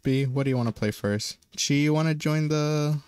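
A man's voice: on the high side, moderate pace, a little mellow, smooth, dry recording. Easygoing giggly male streamer. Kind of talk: casual gaming chat with friends.

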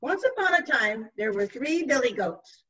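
A woman narrating a children's storybook, reading slowly and expressively. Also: sits high, big pitch swings, a bit bright, distant mic, muffled recording. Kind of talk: storybook read-aloud.

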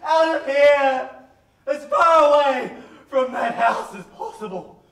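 A cowardly young slave babbles and shouts in panic, played by a man on stage. The voice is very high and bright, and the lines come slowly. It is heard from far off in a roomy hall, with a faint audience behind. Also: gravelly, exaggerated voice. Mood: panicked. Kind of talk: stage play performance.

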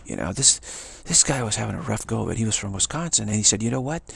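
A man from California casually telling a rambling personal story, full of repeats and fillers, acting out others' lines in a higher voice. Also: lively intonation, fast talker, vocal fry, fairly bright tone, breathy edge. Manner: digressive, repeats words, many "you know" and "like"; acts out other people's quoted voices in a higher pitch.

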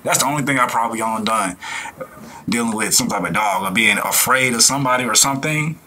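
A man hosting a reaction video, talking in a rambling, animated way and often laughing. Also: mid-range voice, fast, slight background noise. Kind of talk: casual reaction commentary.

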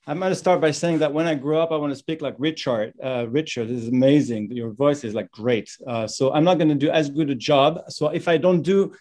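A middle-aged man with a French accent, presenting a medical lecture over slides from his office in a relaxed, self-deprecating way. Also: a little high, a little fast, few pauses. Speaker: webinar presenter, professor of medicine.

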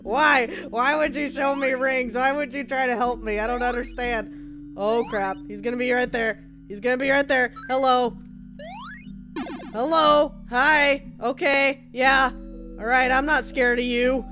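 Shrieky, bright-voiced woman gamer. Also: high-pitched, steady tone, a little slow, faint music behind. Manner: jumpy, shrieks at scares, jokey banter. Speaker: video game player. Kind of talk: horror game play-through commentary.

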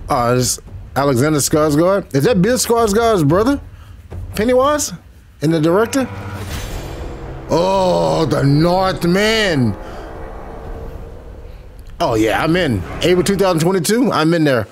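A young man hosting a casual video reaction, excitable and joking with frequent exclamations. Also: fairly high pitch, measured pace, long pauses, a little hiss or hum. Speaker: host. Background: trailer music playing.

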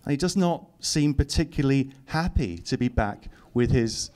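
A man's voice: mid-range voice, lively intonation, normal speed, a little mellow. Middle-aged man, author reading aloud at a public talk; dry wit. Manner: dry, teasing asides to the audience. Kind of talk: reading aloud and commenting to an audience. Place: lecture hall.

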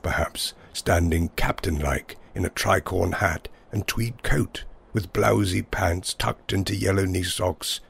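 A man's voice: sits low, creaky, a bit bright, husky. A man narrating a whimsical first-person story in a wry, wordy style.

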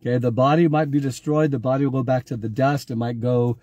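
A man's voice: mid-range voice, fairly even intonation, quick pace, mellow, dry recording. A man giving an informal online sermon, talking conversationally, repeating himself and calling on viewers by name. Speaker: pastor.

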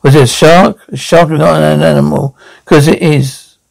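A gravelly, rude old nan. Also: female voice, sits low, steady tone, normal speed, a little mellow, heavily acted, rough recording. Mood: mocking. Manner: heckling, taunting, name-calling. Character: brash foul-mouthed old London nan, rude and cheeky. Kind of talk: TV sketch comedy acting.

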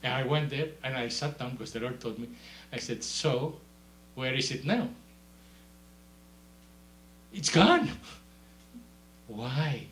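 A man gives an energetic sermon at a moderate pace with few pauses, alternating gentle low asides with loud, high exclamations and laughing through his anecdotes. The sound is reverberant, with a slight background noise.

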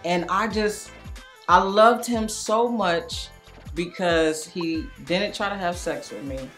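A woman giving casual comedic commentary to camera, telling animated stories, acting out the quotes and laughing often. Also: lowish voice, slow, faint music behind. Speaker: cast member.

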